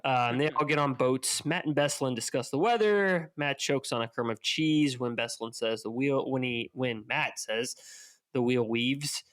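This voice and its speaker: A man co-hosting a book podcast, casually retelling chapters and voicing characters' lines a bit higher. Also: normal speed, a bit bright. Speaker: podcast co-host. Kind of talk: casual book-club recap.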